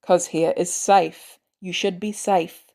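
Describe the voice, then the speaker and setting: A woman voicing a gruff, guarded adult man who is protective, talking bluntly in clipped lines with swearing. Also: fairly low pitch, fairly even intonation, slow, dark tone. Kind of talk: fan audiobook reading.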